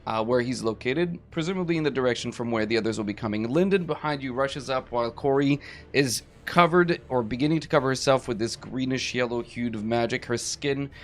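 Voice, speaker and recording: A man's voice: medium pitch, a little fast. A man running a tabletop game as game master, describing the scene vividly.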